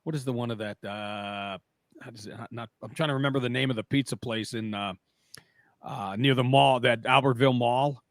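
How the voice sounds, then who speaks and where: A man's voice: medium pitch, normal speed, no echo, clean studio sound. A man who is a regular on a radio talk show, joking and teasing in casual banter. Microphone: studio microphone.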